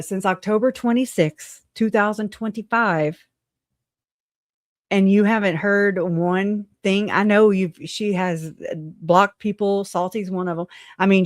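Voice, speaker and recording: A woman's voice: fairly low pitch, dry recording, clean studio sound. A woman hosting a casual livestream, talking bluntly with swearing and frequent laughter between remarks. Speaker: livestream host.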